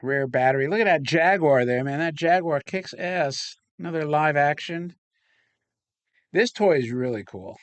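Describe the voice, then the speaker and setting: A man's voice: on the high side, expressive, normal speed, dry recording. A man hosting a casual unboxing chat, rambling and swearing casually as he talks. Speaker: toy collector host.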